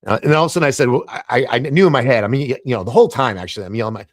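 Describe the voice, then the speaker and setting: A middle-aged man, a podcast guest, telling animated anecdotes and acting out the dialogue in shifting voices. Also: mid-range voice, rapid-fire, few pauses, no room sound, clean studio sound. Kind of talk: casual storytelling in a podcast interview.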